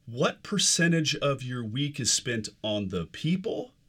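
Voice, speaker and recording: A man's voice: mid-range voice, big pitch swings, unhurried, a bit bright, husky. A man hosting a casual podcast, enthusiastic and affirming, stretching out his phrases. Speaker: podcast host.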